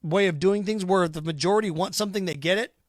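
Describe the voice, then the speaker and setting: A sports radio host delivers an opinionated monologue, ranting sarcastically and combatively while mocking imagined fans and callers in put-on voices. His voice is high-pitched and quick, recorded in a clean studio with no room sound.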